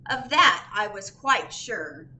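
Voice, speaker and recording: A woman's voice: mid-range voice, sing-song, slow, sharp tone, far from the mic, slight background noise, voice pushed down, full character voice. A woman voicing a doubtful female unicorn who sounds hesitant and worried, in a storybook reading.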